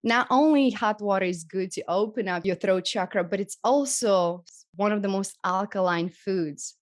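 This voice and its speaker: A woman from Europe leading a live group healing session, speaking gently and encouragingly as she demonstrates breathing and voice techniques. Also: lowish voice. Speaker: spiritual healing teacher. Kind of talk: live group workshop teaching.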